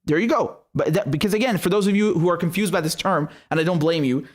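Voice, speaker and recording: A man delivers political commentary in an angry, mocking rant, swearing freely as he goes. His voice sits fairly high for a man. He talks like a host speaking straight to his viewers. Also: quick pace. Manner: angry, sarcastic, profane, mocking.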